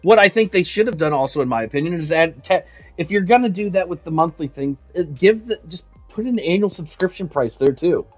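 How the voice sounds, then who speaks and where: A man on a gaming news panel, talking casually with emphatic, opinionated points and quick restarts. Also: high-pitched, animated, muffled recording, faint music behind.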